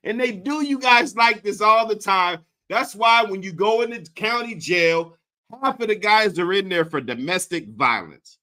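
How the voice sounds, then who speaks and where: A man hosting a reaction commentary, crude, profane and animated. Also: high-pitched, unhurried. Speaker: host.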